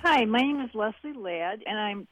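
A woman leaving an enthusiastic voicemail for a radio music show, talking a little haltingly. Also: fairly high pitch, lively intonation. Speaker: caller. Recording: dull dry phone message.

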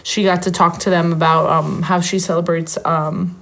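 A woman's voice: lowish voice, level tone, moderate pace, a little hiss or hum. A young woman co-hosting a podcast, chatting casually and rambling with frequent self-corrections. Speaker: podcast co-host. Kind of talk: casual chat.

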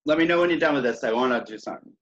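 A man co-hosting a chatty podcast, his voice mid-pitched and conversational. The sound comes through dull and lo-fi, like remote call audio. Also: very fast, a bit bright. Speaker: podcast co-host. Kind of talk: casual news chat.

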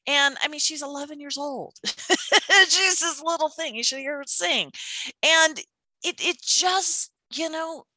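A woman's voice: sits high, moderate pace, dry recording. A woman in casual conversation, telling stories animatedly and acting out quotes. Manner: animated, storytelling with acted-out quotes. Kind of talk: casual chat.

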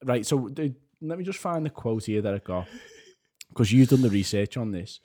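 A man co-hosting a podcast in casual chat, chatty and animated, laughing often. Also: medium pitch, normal speed, husky. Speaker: podcast co-host.

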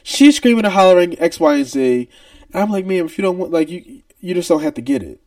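Animated high-voiced man telling stories. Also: a little fast, no echo, far from the mic. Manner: animated, mimics shouting customers. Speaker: podcast co-host. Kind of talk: casual storytelling.

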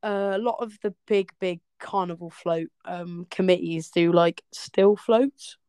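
A young West Country woman from England co-hosts a casual podcast chat, laughing often and dropping sarcastic, sweary asides. Her voice is fairly low, warm and smooth, a little slow, captured in studio quality with no room sound.

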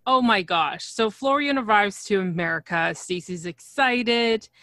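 A woman co-hosting a casual recap podcast, chatty and quick to laugh, acting out quotes in a high excited voice. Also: no room sound. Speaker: podcast co-host. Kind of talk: casual reality TV recap chat.

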